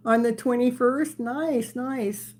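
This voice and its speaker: A woman in her sixties hosting a live tarot stream, chatting casually with viewers and laughing often. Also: on the high side. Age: 60s. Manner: chatty, laughs often, playful baby talk to her dog. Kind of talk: casual live-stream chat while reading viewer comments.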